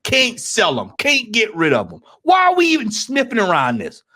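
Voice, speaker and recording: A man with a Southern US accent on a football fan panel, ranting heatedly and repeating himself, now and then breaking into shouts. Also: high voice, huge pitch swings, moderate pace, a little hiss or hum. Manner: ranting, repetitive, rising to shouts.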